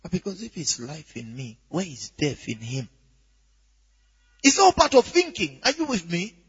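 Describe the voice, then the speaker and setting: Man preaching, high-pitched, husky, swings from soft to shouting, long hall echo, muffled recording. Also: normal speed. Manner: animated, rising to shouts, asks "are you with me?". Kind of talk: sermon. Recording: dull echoey hall recording.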